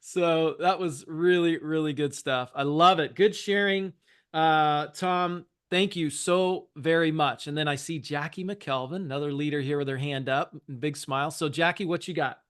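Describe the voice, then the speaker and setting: A man's voice: on the high side, fairly even intonation, normal speed, a bit bright, clean tone. A man hosting a group call, enthusiastically praising members and calling on them. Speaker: meeting host.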